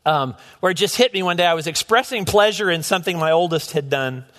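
A man's voice: on the high side, animated, quick pace, fairly bright tone. A middle-aged man preaching a sermon as pastor, earnest and often restarting his words. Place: church sanctuary. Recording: long hall reverb.

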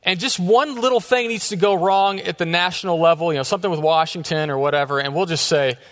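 A youth pastor in his thirties preaches in a church sanctuary, telling stories in a casual, joking way. He talks fast in a high-pitched, fairly bright voice, and the hall sounds echoey.

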